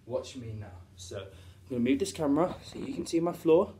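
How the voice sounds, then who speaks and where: A man's voice: medium pitch, animated, brisk, dark tone, a little hiss or hum. Man, PE teacher, cheerful and encouraging, children's exercise class at home, echoey room, off-mic. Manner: upbeat, encouraging, demonstrating moves while talking. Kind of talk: home PE lesson for young children. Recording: roomy echo, voice from a distance.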